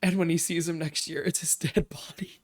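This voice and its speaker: A man streaming live, recapping and analyzing a TV episode with excitable, emotional fan reactions and rambling asides. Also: on the high side, moderate pace.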